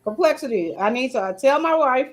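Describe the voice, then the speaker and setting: A woman's voice: high voice, animated. A woman in a casual podcast chat, chatty, acting out little snatches of voices. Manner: chatty, quick to act out voices.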